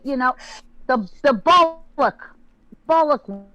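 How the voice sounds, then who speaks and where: A woman's voice: high-pitched, animated, takes it slowly, pushed and bright, no room sound, dull audio. A middle-aged woman speaking as a podcast guest in casual chat, emphatic and exclamatory, often stammering and restarting. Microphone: phone.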